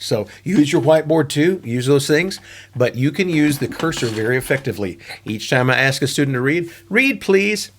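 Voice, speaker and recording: A middle-aged man talks through his teaching tips in a loose, conversational monologue. His voice sits at an ordinary middle pitch, and he wanders into asides and fillers as he goes. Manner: relaxed, chatty, with frequent fillers and asides. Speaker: online English teacher giving tips.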